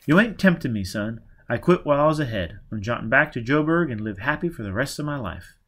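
A man reading an audiobook, voicing a nervous retired crook who talks in a gruff, blustering way. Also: medium pitch, animated, fast, a bit bright.

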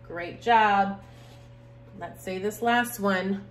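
A woman teaching preschoolers in a video lesson, slow and sing-song, climbing high on rhymes and praise. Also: lively intonation. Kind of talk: video lesson for young children. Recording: echoey room, faint hum.

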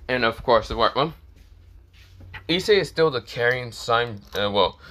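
A man's voice: medium pitch, expressive, unhurried, bright, forceful tone. A man casually narrating a fan-made story, rambling with lots of filler words and restarts.

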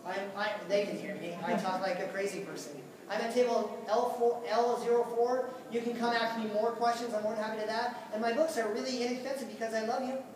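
During a casual convention panel with audience Q&A, a male author talks fast and energetically, hardly pausing, stammering and repeating words often. His voice is high and steady in tone. The recording mic is distant, capturing an echoey large hall with a crowd in the background.

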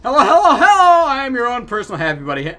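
A man's voice: very high voice, wildly swooping pitch, quick pace, pushed and bright, voice pushed up, heavily acted. A man voicing a relentlessly cheerful happy buddy with exaggerated sing-song enthusiasm. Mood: gushing.

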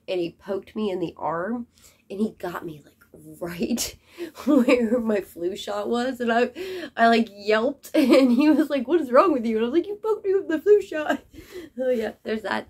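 A young woman vlogger chatting casually to camera, chatty and quick to apologize. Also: mid-range voice. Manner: chatty, apologetic, says y'all.

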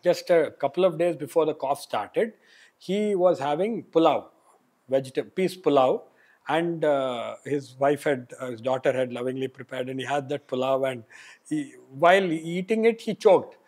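Animated man telling doctor stories. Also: fairly high pitch, normal speed. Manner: animated, laughs while telling anecdotes. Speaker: pulmonologist guest. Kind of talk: casual interview storytelling.

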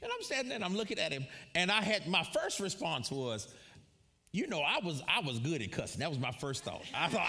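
A man preaching a sermon to a live congregation, telling a personal story with frequent laughter and lively asides. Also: high-pitched, fairly quick. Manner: animated storyteller, laughs often, calls out to congregation. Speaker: pastor. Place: church before a live congregation.

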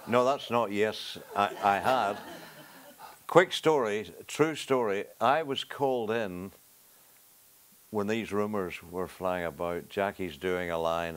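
An older man with a Northern Irish accent, a talk show guest telling a casual anecdote and acting out the quotes. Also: lowish voice. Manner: storytelling with acted-out quotes. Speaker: talk show guest, former sports broadcaster.

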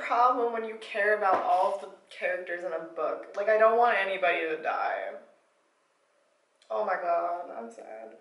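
A woman's voice: fairly high pitch, animated, normal speed, a bit bright. Chatty woman vlogger in an echoey room. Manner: chatty recap, breaking into laughs and pained outbursts while reading. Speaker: book vlogger. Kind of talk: casual reading vlog chat.

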